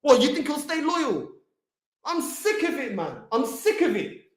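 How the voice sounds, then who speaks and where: A man's voice: extremely high pitch, sing-song, unhurried. Heated man ranting. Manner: heated, ranting, street slang. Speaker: football fan channel host. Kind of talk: angry livestream rant. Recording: echoey room.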